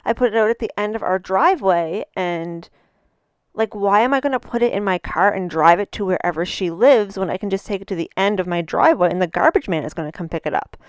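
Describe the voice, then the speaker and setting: A middle-aged woman hosting a podcast, telling a personal story in a chatty, animated way full of asides. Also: medium pitch, brisk, clean tone, no room sound, studio quality. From Canada. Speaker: podcast host. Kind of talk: casual storytelling monologue.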